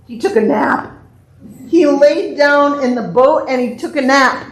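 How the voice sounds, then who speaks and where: A woman leading worship, reading scripture and then telling a lively, playful children's message full of exclamations. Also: high-pitched, measured pace. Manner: animated, playful storytelling with exclamations. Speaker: church leader giving a children's message. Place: church sanctuary. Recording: echoey church sanctuary.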